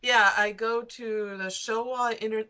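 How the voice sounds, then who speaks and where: A woman's voice: a little high, steady tone, measured pace, sharp tone, smooth. A young woman, a student, chatting casually and telling anecdotes with laughs. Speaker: student guest. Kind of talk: casual chat.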